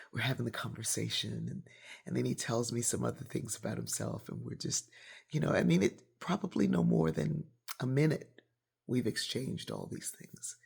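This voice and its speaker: A woman hosting a podcast, telling a personal story that drifts into whispers and ends on a reflective lesson. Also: a bass voice. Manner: gravelly, husky, often sinks to a whisper; reflective, closing with a gentle lesson. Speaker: podcast host.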